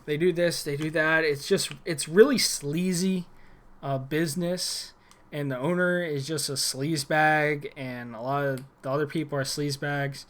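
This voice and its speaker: Young man, casual vlog rant, irritated and rambling, voice slightly higher than usual. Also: fairly even intonation, normal speed, a bit bright. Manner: rambling and irritated, many restarts and fillers. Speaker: former gym employee.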